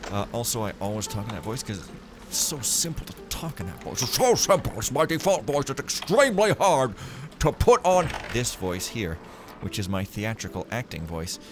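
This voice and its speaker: A man's voice: mid-range voice, big pitch swings, moderate pace, music in the background. A man giving casual, rambling commentary while playing a stealth game, joking to himself as he goes. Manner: playful, rambling, jokey asides. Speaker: let's play gamer.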